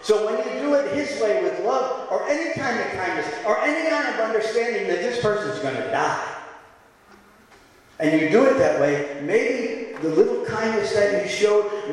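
A man preaching a sermon as pastor in a church, impassioned, swinging from quiet, gentle stretches to shouting. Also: sits high. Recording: echoey hall.

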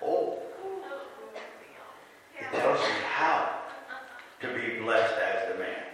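A man preaching a sermon, animated and talking back and forth with his congregation. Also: fairly low pitch, slow, gravelly, very echoey, long reverb tail, a crowd in the background, poor audio. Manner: animated, asks the congregation questions and answers them. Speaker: pastor.

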